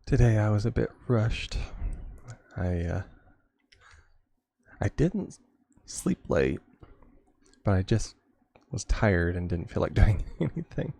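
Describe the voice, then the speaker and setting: A man's voice: lowish voice, sing-song, slow pace, creaky, pauses often, dark tone, dry recording. A man streaming a game, chatting casually and rambling with frequent chuckles. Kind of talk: casual gameplay chat.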